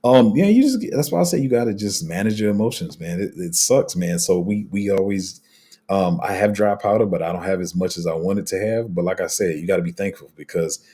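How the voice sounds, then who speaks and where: A man's voice: sits low, animated, a little fast, warm tone, husky. A man hosting a casual crypto livestream, rambling through viewer comments with lots of fillers, restarts and slang.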